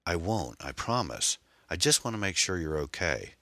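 A calm, kindly man speaking gently and reassuringly, with a very deep voice. A male narrator plays him in an audiobook. The sound is close and dry, with a crisp, bright edge. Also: normal speed, no room sound, heavily acted.

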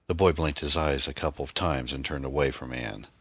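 A man reading a novel aloud as an audiobook narrator in a steady, even-paced way. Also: a bass voice, fast, hardly any pauses, slightly rough, dry recording.

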